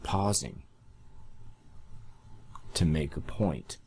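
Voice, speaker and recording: Deep-voiced male speaking coach, emphatic and instructive, faint noise underneath. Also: a little slow, darkish tone. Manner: coaching, emphatic, demonstrates voice changes. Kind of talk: instructional talk.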